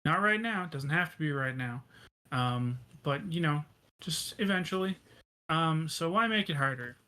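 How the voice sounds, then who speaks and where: A man's voice: fairly high pitch, animated, moderate pace, sharp tone. A man voicing a tough, guarded woman who runs a gas station and carries a gun, speaking bluntly and menacingly. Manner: blunt, menacing, hesitant fillers.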